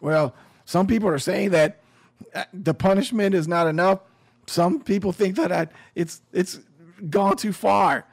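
High-voiced, unhurried male commentator. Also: gravelly. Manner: conversational, sarcastic, emphatic. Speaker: commentary host. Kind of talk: casual news commentary.

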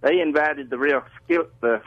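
A man's voice: fairly high pitch, moderate pace, no room sound. A man calling in to a radio show, chatting as he tells a story. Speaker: radio caller. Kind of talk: phone call to a radio show. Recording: muffled phone line.

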